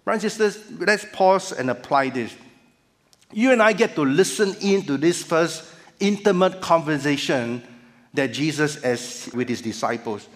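A man preaching a sermon as pastor, measured with emphatic rises. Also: fairly high pitch, lively intonation. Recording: church hall reverb.

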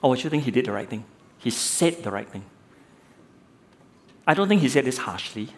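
Preaching at a normal pace in an animated, medium-pitched voice, this middle-aged lay preacher, formerly a judge, relates a story from the courtroom and challenges listeners with rhetorical questions, often doubling words as a phrase begins.

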